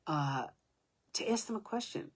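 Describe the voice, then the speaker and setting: Brief: woman, 70s, low husky voice, halting personal storytelling, breaks into whispers. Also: animated. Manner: halting, restarting sentences, sometimes dropping to a whisper.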